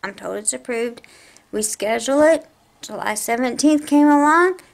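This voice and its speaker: A woman's voice: a little high, expressive, moderate pace, gravelly. A woman telling an angry story about a medical bill, talking in a heated, exasperated way with her voice raised. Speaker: vlogger. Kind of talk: angry personal rant to camera.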